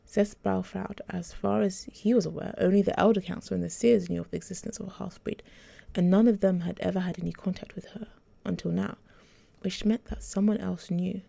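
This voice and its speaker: A woman author reading her own story aloud in an even, measured audiobook narration. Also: mid-range voice, creaky.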